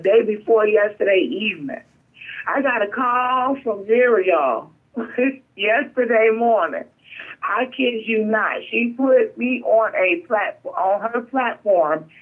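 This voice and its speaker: A woman calling in by phone as a guest, speaking in an emotional, emphatic way. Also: medium pitch. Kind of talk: phone-in testimony. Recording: tinny phone line.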